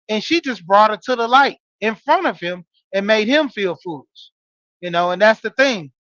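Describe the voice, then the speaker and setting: A man in his forties with a high voice talks straight to his listeners, telling a story in a loose, casual monologue full of "you know"s. The sound is dry and a little dull, with no room around it. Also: fairly bright tone, dry recording. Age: 40s. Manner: storytelling, talking straight to listeners with frequent fillers. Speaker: podcast host and wrestling coach. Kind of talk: casual monologue, greeting live chat.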